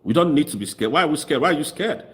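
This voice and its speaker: A man's voice: a little high, animated, quick pace, a bit bright. A man with a Nigerian Igbo accent giving fiery, mocking political commentary. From southeast Nigeria. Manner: mocking, impassioned, switches into Igbo.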